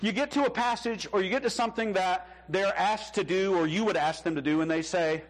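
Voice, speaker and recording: A man's voice: high voice, brisk, hardly any pauses, rough recording. A man preaching a sermon as pastor in a conversational style, acting out the voices he quotes.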